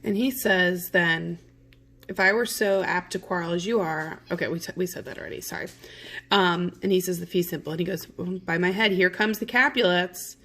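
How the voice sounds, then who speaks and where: Reading a play aloud to her class at normal speed, this woman teacher has a voice on the low side with a fairly bright tone. It's a casual read-along lesson where she restates the lines in plain modern terms, chatting with plenty of fillers and "okays."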